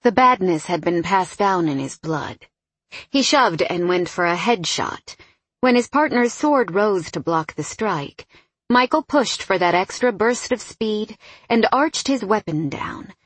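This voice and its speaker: A woman narrating an audiobook in a calm, intimate manner on a close studio mic. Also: medium pitch, measured pace, breathy edge, no echo. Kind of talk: scripted narration.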